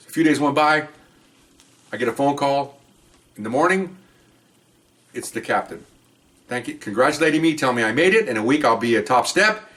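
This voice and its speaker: Older man, ex-cop storyteller, mid-pitched, casual and long-winded, with excited high jumps. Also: normal speed, pauses often. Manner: rambling, animated, jumps into a high excited voice when joking. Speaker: retired police officer telling stories.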